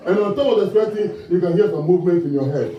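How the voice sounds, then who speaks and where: A man from Ghana preaching a sermon in an animated way, asking the congregation call-and-response questions and laughing along with his own stories. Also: sits high, fast talker. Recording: distant mic in a reverberant church hall, muffled.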